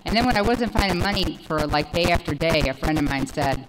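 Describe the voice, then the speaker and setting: A woman in her forties giving a personal recovery testimony, rambling and animated, with many fillers. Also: deep voice, brisk, heavy background noise. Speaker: speaker sharing recovery story.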